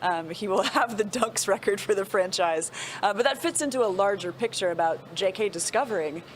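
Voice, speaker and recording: A woman's voice: mid-range voice, a little hiss or hum. Upbeat woman sports host. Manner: upbeat, quick stat rundowns, laughs often. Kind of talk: casual sports talk.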